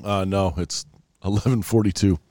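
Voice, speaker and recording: A man's voice: deep voice, steady tone, normal speed, darkish tone, no echo. A man co-hosting a casual podcast among friends, upbeat and teasing as he jokes along. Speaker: podcast co-host. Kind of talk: casual chat.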